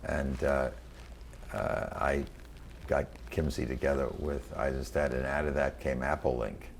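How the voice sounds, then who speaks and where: A man in his eighties from New York City, recalling his career in a halting oral history interview full of fillers and restarts. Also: extremely low pitch, steady tone, creaky, slight background noise. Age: 80s. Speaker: interviewee, venture capitalist. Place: quiet room.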